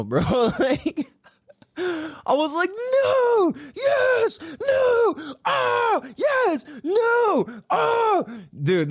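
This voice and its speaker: A man talks through a casual podcast, his voice lively and a touch higher than most. He swears freely and leaps up in pitch to act out quotes. The sound is close and dry. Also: dry recording. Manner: animated, swears a lot, acts out quotes in a higher voice. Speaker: podcast host. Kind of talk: casual chat.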